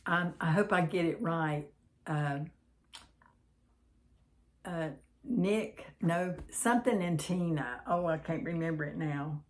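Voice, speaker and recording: A woman hosting a devotional channel, reading a note aloud and then chatting in a gentle, unhurried way with pauses. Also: lowish voice.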